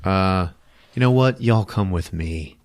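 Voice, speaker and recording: A man doing a blunt gruff tribe chief. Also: low-pitched, takes it slowly, dry recording. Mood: offhand.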